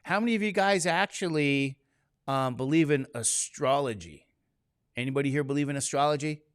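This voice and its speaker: A man's voice: on the high side, moderate pace, smooth, no room sound. Man lecturing a class, dry sound. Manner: conversational, keeps quizzing the class with questions. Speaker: statistics teacher.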